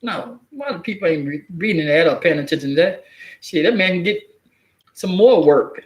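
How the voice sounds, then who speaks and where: Man vlogger with a high voice, slangy and rambling, laughs between phrases. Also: animated, fairly quick. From southeastern US. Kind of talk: casual commentary to camera. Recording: echoey room.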